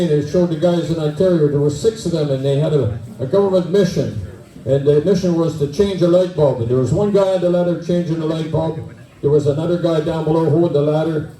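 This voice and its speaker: A man's voice: on the high side, dark tone, roomy sound, recorded from a distance, poor audio. A man with a Newfoundland accent doing stand-up in front of an audience, telling folksy jokes and talking with the crowd. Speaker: stand-up comedian. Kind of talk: stand-up storytelling in character. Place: event hall with an audience.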